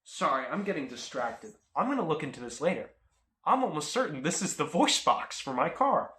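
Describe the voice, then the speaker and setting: A young man telling a comic car story in an animated, self-mocking way, recorded in a home garage. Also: a little high, moderate pace, roomy sound. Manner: animated, jumps into loud silly voices, self-mocking. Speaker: car vlogger.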